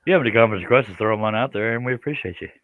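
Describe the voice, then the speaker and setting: A man's voice: on the low side, racing, a bit bright, no echo. A man hosting a casual woodworking live stream, joking and bantering in a folksy way.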